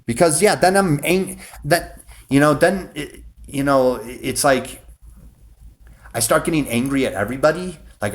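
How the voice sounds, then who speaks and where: A man's voice: on the high side, lively intonation, moderate pace, a bit bright. A man delivering a casual, rambling monologue to his viewers, cursing freely and restarting his sentences often. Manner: rambling, profane, many restarts. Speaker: vlogger.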